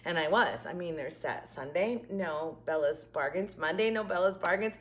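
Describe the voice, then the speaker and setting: A woman's voice: fairly low pitch, moderate pace. A woman hosting a craft vlog, telling a rambling story in a chatty way and sounding exhausted. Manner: rambling, talkative, many asides. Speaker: craft channel host.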